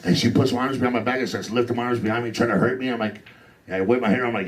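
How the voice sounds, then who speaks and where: A man's voice: medium pitch, steady tone, racing. A young man doing a crude, brash stand-up set on a comedy club stage.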